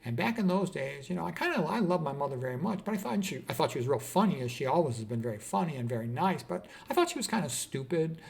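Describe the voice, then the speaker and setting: A middle-aged psychiatrist telling a personal story, earnest and reflective. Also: male voice, on the high side, very animated, fast talker, vocal fry, hardly any pauses.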